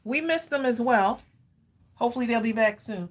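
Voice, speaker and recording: A chatty woman, talking casually to viewers on a live stream. Her voice sits a bit high, and she rambles, pausing often on fillers before picking the thread back up. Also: animated. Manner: chatty, rambling, frequent ums and laughs. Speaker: livestream crafting host.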